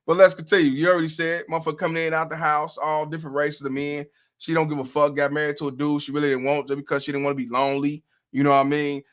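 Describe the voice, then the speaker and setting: A man's voice: on the high side, fairly bright tone. A man hosting a live stream, reacting to a clip with blunt, profane commentary and frequent laughter. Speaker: host.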